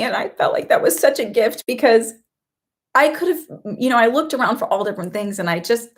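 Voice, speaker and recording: A middle-aged woman hosting a casual spiritual live stream from home, telling personal stories in an emotional, sometimes tearful way. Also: mid-range voice. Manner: emotional, tearful at times, warm storytelling. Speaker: spiritual channel host.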